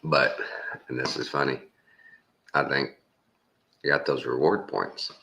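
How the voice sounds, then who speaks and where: A man's voice: extremely low pitch, little pitch movement, a little slow, gravelly, pushed and bright. A Texan man in his fifties telling a rambling, folksy story with frequent chuckles. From Texas. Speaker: vlogger. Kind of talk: casual storytelling.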